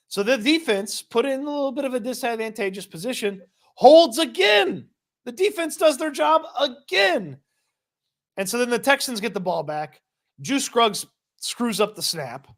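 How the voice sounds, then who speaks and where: A man co-hosting a sports podcast, recapping a football game play by play in a casual, quick, laughing manner. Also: high-pitched, a bit bright. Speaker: podcast co-host.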